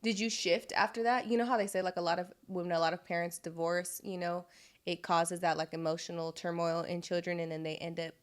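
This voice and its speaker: A woman hosting a podcast, asking relaxed, chatty questions with casual slang. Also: fairly low pitch, brisk. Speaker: podcast host.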